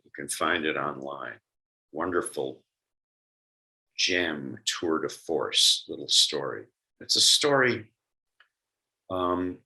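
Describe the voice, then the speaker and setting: A man gives a reflective holiday sermon through a computer mic on a video call. His voice is very deep yet strikingly bright, and he talks slowly and conversationally, pausing to think. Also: poor audio. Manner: thoughtful, conversational, with pauses and fillers. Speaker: lay speaker giving a d'var Torah. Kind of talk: Yom Kippur sermon over a video call.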